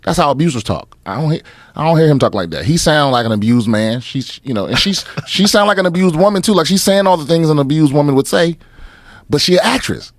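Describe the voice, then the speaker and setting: A man's voice: on the high side, lively intonation, fast talker, no echo. A man chatting as a podcast guest, emphatic and swearing, acting out quoted lines. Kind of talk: casual chat.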